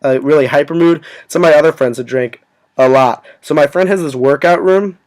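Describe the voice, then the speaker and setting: A man's voice: on the high side, brisk, a little mellow. Rambling young man full of fillers. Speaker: vlogger. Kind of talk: casual storytelling to camera.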